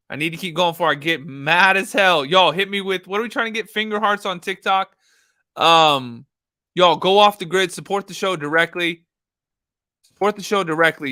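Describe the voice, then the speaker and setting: Bright high-voiced male stream host. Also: no room sound, studio quality. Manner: animated, swearing, laughing asides to chat. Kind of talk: live true-crime commentary stream.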